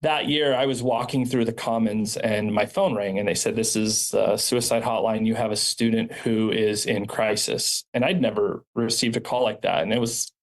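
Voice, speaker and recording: A man's voice: on the low side, fairly even intonation, normal speed, hardly any pauses. A man, a charter school founder and principal, telling stories from his school in an earnest, reflective way with frequent restarts. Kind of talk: podcast interview storytelling.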